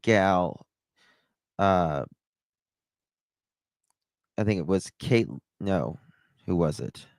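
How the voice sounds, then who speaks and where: A man's voice: deep voice, extremely slow, long pauses, no room sound. A man with a Southern accent hosting a live stream, telling stories in a chatty, rambling way. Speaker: livestream host. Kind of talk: casual live-stream chat.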